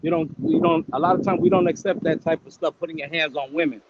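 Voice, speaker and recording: A man's voice: on the high side, steady tone, fast, dull audio, very noisy. A man talking bluntly and emphatically as a guest in a casual chat. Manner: blunt, emphatic, repeats "bro".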